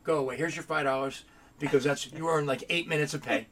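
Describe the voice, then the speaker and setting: Animated man telling shop stories. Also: on the high side, fast talker, a little hiss or hum. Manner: animated storyteller, acts out dialogue. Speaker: body shop owner. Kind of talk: casual podcast chat.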